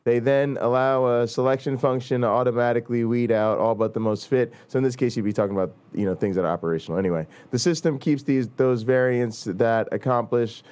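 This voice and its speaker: A male host in a mid pitch talks loosely and swears freely. When he reads aloud from a text, he stumbles and fills gaps with "uh" and "um.". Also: a little mellow, smooth. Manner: loose, profane, halting with fillers while reading. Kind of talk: casual talk and reading aloud.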